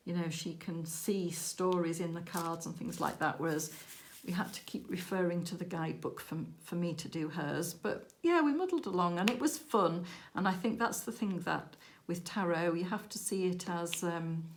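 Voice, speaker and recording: A woman, hosting a crafting channel, chatting casually and telling a story with lively quoted dialogue. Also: on the low side, moderate pace, a little hiss or hum. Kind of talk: casual chat while crafting.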